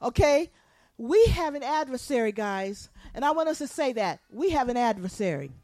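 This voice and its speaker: Her voice sits high as this woman pastor delivers a sermon at normal speed, with no echo. She's animated, acting out quotes and prompting the congregation to answer back.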